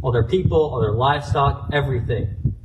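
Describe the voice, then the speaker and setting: A man's voice: medium pitch, a little fast, recorded from a distance, muffled recording, background noise. A man preaching a sermon, retelling a scripture story earnestly and citing chapter and verse as he goes. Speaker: pastor.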